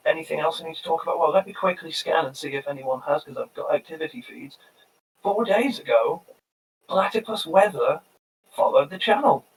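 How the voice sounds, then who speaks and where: Joking man, distant mic. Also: on the high side. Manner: rambling, joking, self-deprecating. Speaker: player and streamer. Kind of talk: casual stream chat. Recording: distant mic with faint background noise.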